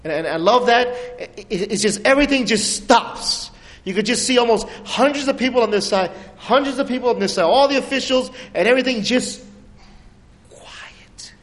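A man preaching a sermon, telling stories with lively swings between soaring highs and hushed lows. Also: brisk. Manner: animated storytelling with dramatic pitch swings and soft drops. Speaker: pastor. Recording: long hall reverb.

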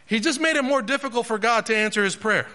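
A man preaching a sermon, asking questions aloud and retelling a story with animated, halting restarts. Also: very high voice.

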